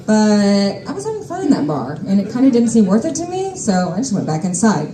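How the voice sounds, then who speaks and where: A woman's voice: medium pitch, huge pitch swings, a little fast, mellow, reverberant, poor audio. A young adult woman telling a personal story on stage, wry, exasperated and freely profane. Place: stage at a live storytelling show.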